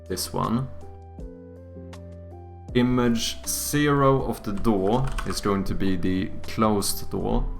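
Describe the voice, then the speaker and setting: Slow, low-voiced male streamer swearing casually. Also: gravelly. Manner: casual, thinks aloud, swears freely. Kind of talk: live stream commentary while coding and gaming.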